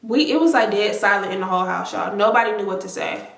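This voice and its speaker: A woman in her twenties telling a story to her viewers, animated and emphatic, with lots of swearing. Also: medium pitch, fast talker, vocal fry. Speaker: vlogger. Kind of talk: casual storytime. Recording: roomy echo.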